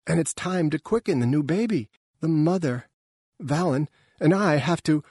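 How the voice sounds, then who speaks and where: A man voicing an anxious female alien with fur and a pouch, raising his voice slightly and speaking softly and hesitantly. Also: on the high side, lively intonation, moderate pace, husky, no room sound, clean studio sound, pitched above the performer's own voice. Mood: confused. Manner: worried, hesitant, soft-spoken.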